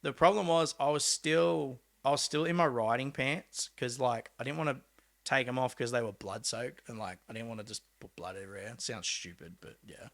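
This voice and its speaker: A young Australian man, a pro mountain biker, telling a story in a casual, animated way, acting out quotes with laid-back slang and swearing. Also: medium pitch, brisk, vocal fry. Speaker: podcast guest, pro mountain bike rider.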